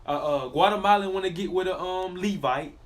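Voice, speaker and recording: Casting: man with a fairly high voice, emphatic and repetitive, preaching straight to the viewer. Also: fairly quick. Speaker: religious commentator. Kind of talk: preachy monologue with scripture reading.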